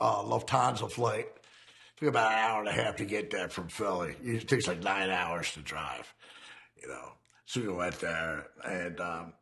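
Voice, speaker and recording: Rough-voiced man, heavy fry, rambling and foul-mouthed as he tells a story. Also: on the low side, a bit bright. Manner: profane, rambling, laughs while telling. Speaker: ex-convict telling his story. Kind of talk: casual storytelling.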